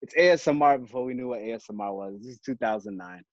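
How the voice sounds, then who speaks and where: A man co-hosting a podcast, chatting casually and telling animated, jokey stories. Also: mid-range voice, fast talker, no echo, muffled recording. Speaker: podcast co-host. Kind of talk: casual chat.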